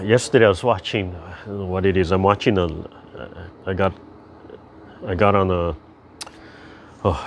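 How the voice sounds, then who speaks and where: An older man leading a tai chi class over a video call, chatty and gentle as he rambles through stories and calm instructions. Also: sits low, a little hiss or hum.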